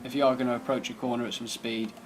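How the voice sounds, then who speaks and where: A man's voice: mid-range voice, level tone, quick pace, noisy background. A man giving casual, laid-back commentary over gameplay, thinking aloud as he drives and tests a car. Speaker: gaming channel host.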